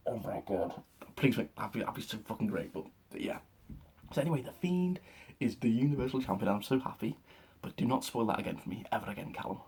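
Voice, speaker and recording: A young man excitedly recapping a wrestling show in a rambling, casual way, with lots of fillers and swearing. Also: mid-range voice, husky. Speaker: wrestling reaction vlogger.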